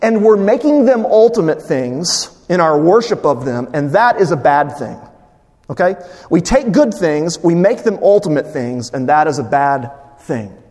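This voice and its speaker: A man preaching a sermon as a pastor, emphatic and animated, with humorous asides to the congregation. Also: a little high, measured pace. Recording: long hall reverb.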